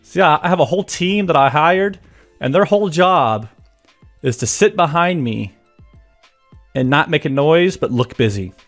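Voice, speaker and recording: Casting: male live-streamer, chatty and jokey, animated pitch, faint music behind. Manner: chatty, jokey, greets viewers by name. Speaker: livestream host greeting chat. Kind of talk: casual live-stream chat. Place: home office.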